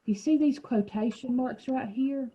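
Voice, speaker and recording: In a classroom, a woman leading a children's reading group prompts and encourages the kids patiently, her voice high-pitched, unhurried and mellow. The lo-fi recording sounds dull and has a little hiss or hum.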